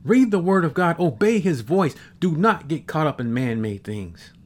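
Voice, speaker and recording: A man in his fifties preaching a sermon, reading scripture slowly and emphatically, repeating verses and adding exclamations. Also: fairly high pitch, expressive.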